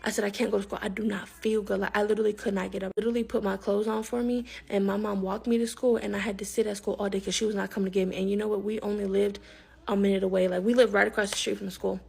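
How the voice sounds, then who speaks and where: Young woman telling a story real fast, kinda raspy and gravelly, emphatic, does little voices for people. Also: medium pitch, little pitch movement, darkish tone. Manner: rapid, emphatic retelling with quoted voices. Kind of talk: storytime narration.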